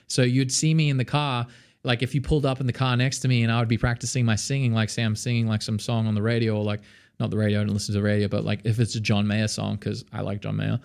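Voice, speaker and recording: A man's voice: medium pitch, steady tone, brisk, clean tone. Casual Australian male vocal coach, young, talks off the cuff with lots of fillers. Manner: chatty, lots of fillers, sings demonstrations.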